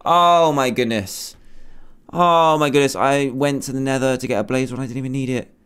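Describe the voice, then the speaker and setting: A man in his twenties giving animated, self-mocking commentary on his Minecraft survival game, talking to himself as he plays. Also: mid-range voice, moderate pace, clean tone. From England. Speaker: gaming YouTuber. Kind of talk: Minecraft let's play commentary.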